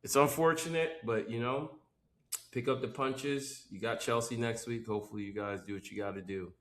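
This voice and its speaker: A man hosting a football podcast, talking in animated, slangy casual banter. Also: medium pitch, moderate pace, reverberant. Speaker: podcast host. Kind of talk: casual sports chat.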